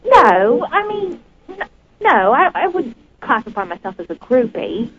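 A woman's voice: high-pitched, very animated, measured pace, muffled recording, slight background noise. A woman calling into a live show, hesitant and repeating herself. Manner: hesitant, repeats words, giggly. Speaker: caller. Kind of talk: phone call into a live show.

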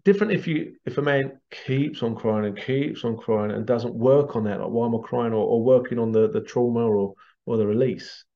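A man's voice: mid-range voice, moderate pace, few pauses, dull audio. A man working as a healing therapist, talking casually in a rambling way and repeating his phrases. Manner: rambling, repeats phrases, acts out quoted voices. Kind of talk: casual monologue to camera.

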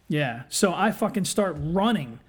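A man guesting on a casual podcast, telling profane, excitable stories about past industrial jobs. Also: a little high, a little slow, breathy edge.

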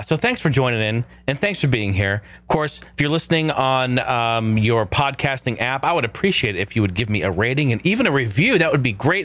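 A man's voice: mid-range voice, fairly bright tone, no room sound. A man hosting his own podcast in a casual, jokey way, swearing now and then. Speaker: podcast host.

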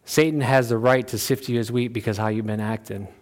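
A pastor preaching in a folksy, conversational way. He pushes his voice up high and loud to drive a point home, then drops to a low, quiet tone for asides. His voice sits at a middle pitch for a man. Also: fairly even intonation, a little fast. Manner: folksy, plain-spoken preaching. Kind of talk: sermon.

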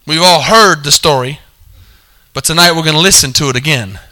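Man preaching, high voice, very bright and forceful tone, calls for amens, repeats himself. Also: fairly quick. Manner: calls for amens, repeats points, corrects himself mid-sentence. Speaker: pastor. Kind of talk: sermon.

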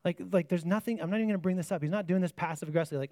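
Male preacher, higher register, earnest sermon delivery with frequent restarts and questions to the listeners, dry sound. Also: rapid-fire, mellow, no room sound. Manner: earnest, repeats words as he restarts phrases; asks the listeners rhetorical questions.

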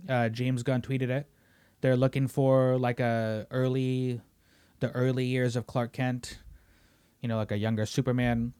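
A young man hosting a casual podcast, ranting heatedly with lots of swearing and loud emphatic bursts. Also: medium pitch, flat delivery, unhurried, smooth. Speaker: podcast host. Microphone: studio microphone.

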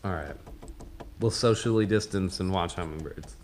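A man chatting softly, still not warmed up from waking. His voice sits low and relaxed, easygoing in manner. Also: normal speed, a little hiss or hum. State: just woken, morning voice. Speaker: guest. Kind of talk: casual chat.

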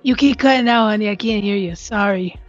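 A woman's voice: medium pitch, fairly quick, highs cut off, soft background music, close to an everyday voice. A woman voicing a gossipy older woman with a shady past, drawling and calling everyone honey. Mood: folksy gossip. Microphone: computer mic over an online call.

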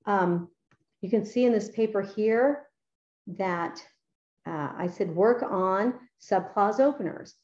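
Speaking slowly in a medium-pitched, darkish voice, a middle-aged writing teacher describes how she goes about editing students' papers. She is chatty and eager, with lots of fillers, and the audio is dull.

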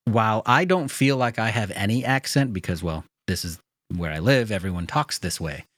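A man's voice: lowish voice, animated, normal speed, fairly bright tone, no echo. An American man hosting a podcast, chatting in an easygoing, enthusiastic way into a studio microphone. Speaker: podcast host. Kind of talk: casual podcast chat.

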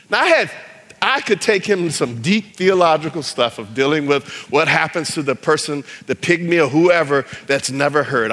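A man's voice: fairly high pitch, a bit bright. A man preaching a sermon as pastor, telling a story animatedly and acting out the voices of the people in it, with long hall reverb.

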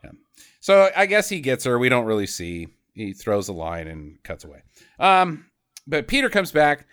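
A man casually recapping a movie with a co-host, animated, swearing and mock-quoting the characters. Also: medium pitch, moderate pace, clean tone. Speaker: podcast co-host.

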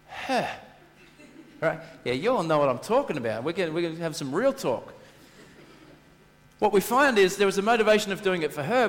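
High-voiced pastor preaching in a hall. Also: male voice. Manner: animated storytelling, acting out his own quoted lines. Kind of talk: sermon.

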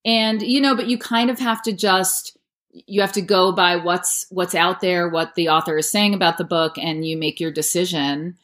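A woman's voice: fairly low pitch, steady tone, normal speed, a bit bright. A woman in her thirties, an audiobook narrator, answering interview questions in a chatty way with many "like" fillers.

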